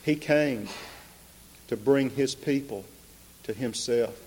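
Namiętny kaznodzieja, powolny, w pogłosie sali. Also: male voice, mid-range voice, slow, slight background noise. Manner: impassioned, rising to loud emphatic peaks. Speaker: preacher. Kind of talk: sermon. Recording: long reverb of a large hall.

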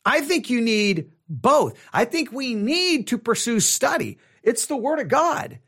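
A man's voice: extremely high pitch, big pitch swings, unhurried, a bit bright. A man hosting a podcast, teaching on Bible study in an emphatic way and repeating words for stress. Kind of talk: spoken teaching.

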